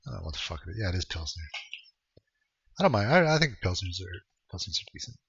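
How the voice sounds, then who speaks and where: A young man from Canada streams a game and chats with viewers in a relaxed, profane way. His voice is bright and forceful, and it sits close and dry on a dull, lo-fi stream mix. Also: low-pitched, fast talker, gravelly, husky, no room sound. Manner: laid-back, swears freely, chuckles while answering chat. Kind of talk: casual live-stream chat.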